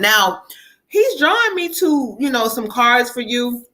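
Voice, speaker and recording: Chatty woman medium with a bright voice. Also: fairly high pitch, sing-song, a little slow. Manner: chatty, laughs often, calls viewers child and y'all. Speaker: psychic medium host. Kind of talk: live-stream card reading.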